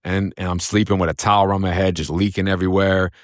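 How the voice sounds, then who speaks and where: A man's voice: sits low, flat delivery, fast talker, dry recording, studio quality. A man from Florida telling a story in casual, blunt speech, swearing freely and using lots of fillers. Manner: blunt and profane, with many fillers.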